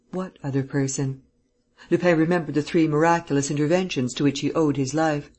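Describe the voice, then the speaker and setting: An audiobook narrator giving a steady, measured reading of a classic novel. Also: medium pitch, slightly rough. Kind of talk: scripted narration.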